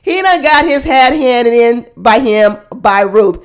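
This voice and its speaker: A woman with a fairly high voice gives a casual reaction commentary, blunt and sassy. Her delivery is animated and she breaks into laughing asides. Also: takes it slowly. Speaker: reality TV reaction host.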